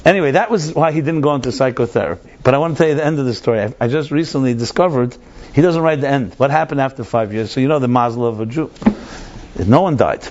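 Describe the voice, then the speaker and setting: A man's voice: medium pitch, fast, darkish tone, a little hiss or hum. A man, a rabbi, telling a story in a conversational, digressive lecture. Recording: dull lo-fi lecture recording.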